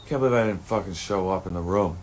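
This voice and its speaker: A man's voice: low voice, fast, slight background noise. A man talking through a rambling personal monologue, swearing often and turning heated and emotional at times.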